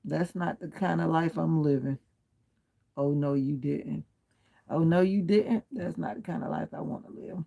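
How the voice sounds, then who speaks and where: A man's voice: on the high side, fairly even intonation, normal speed, gravelly, dark tone. A man hosting a casual livestream, chatting from home and answering viewer comments one by one, firm but polite about keeping the language clean. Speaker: livestream host. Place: at home, lying back with pillow and comforter.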